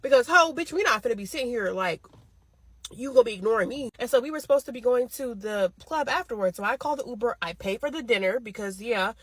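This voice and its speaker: A woman rants through a story at a rapid clip, blunt and profane. Her voice sits a little high with a husky, breathy edge. The recording is dry and close, with no room sound. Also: animated, no echo. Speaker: storytime vlogger. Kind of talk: casual storytime rant.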